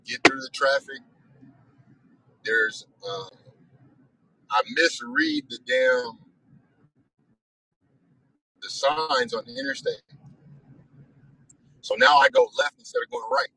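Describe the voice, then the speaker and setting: Guy hosting a weekly talk, husky voice, swoops all over the place, cussing and venting about his day. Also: medium pitch, wildly swooping pitch, takes it slowly, pauses often, bright, forceful tone, poor audio. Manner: profane, exasperated retelling; self-reflective. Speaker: host of a weekly discussion. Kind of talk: casual storytelling monologue.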